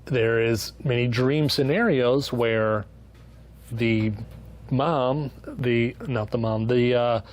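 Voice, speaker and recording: In a slow, mid-range voice, this channel host reviews a book casually and sarcastically. He curses freely and drops in mock-voiced asides along the way.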